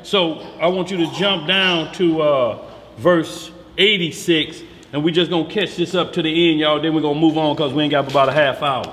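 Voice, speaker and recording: A man teaching scripture in a lively, slangy way, acting out voices as he talks. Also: on the high side, moderate pace, in a large hall, a little hiss or hum. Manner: animated, slangy, acts out voices.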